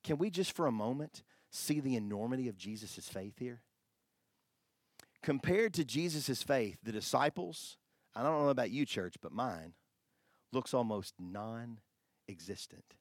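A pastor preaching a sermon, animated, swinging from hushed asides to loud exclamations. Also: male voice, mid-range voice, measured pace, no echo, clean studio sound.

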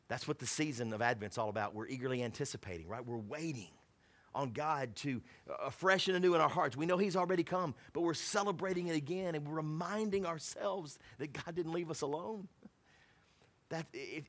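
Man preaching a lively, joking sermon. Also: fairly high pitch. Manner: conversational preaching with asides and laughs; swings from hushed to emphatic. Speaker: pastor.

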